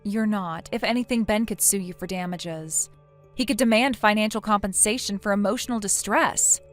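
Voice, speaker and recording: A woman's voice: medium pitch, normal speed, soft background music, lightly acted. A woman voicing a blunt, lecturing female friend. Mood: stern. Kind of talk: text story narration.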